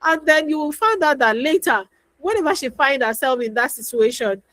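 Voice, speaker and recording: A woman's voice: sits high, animated, moderate pace, a bit bright, no echo. A woman coaching parents in a chatty talk full of stories, repeating her advice and acting out little dialogues. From Nigeria. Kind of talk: instructional talk with anecdotes.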